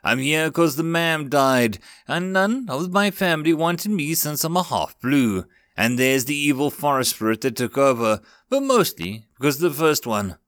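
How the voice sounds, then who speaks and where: Brief: man playing a cheerful scrappy goblin boy for an audiobook, high and bouncy, dry booth. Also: expressive, moderate pace, hardly any pauses, a bit bright, no room sound. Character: scrappy cheerful young male goblin, blunt.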